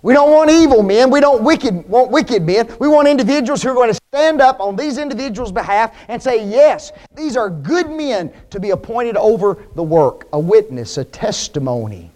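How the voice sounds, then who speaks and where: High-voiced man preaching a sermon. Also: a little mellow. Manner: preaching with rising emphasis and rhetorical questions.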